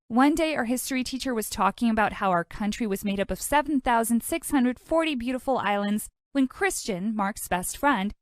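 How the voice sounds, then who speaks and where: A woman narrates a storytime in an animated, dramatic voice, riding her pitch up and down. Her voice sits fairly high, recorded close and dry. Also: no room sound.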